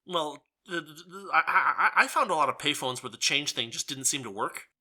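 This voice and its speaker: Very bright-voiced joking podcast man. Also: a little high, lively intonation. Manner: quick joking asides and playful reactions. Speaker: podcast co-host. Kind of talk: casual chat.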